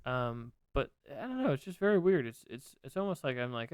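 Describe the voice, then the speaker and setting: A man's voice: medium pitch, expressive, fairly quick, hardly any pauses, darkish tone, clear, resonant tone, no room sound, studio quality. A man co-hosting a casual wrestling podcast, laid-back and jokey, rambling with restarts. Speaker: podcast co-host.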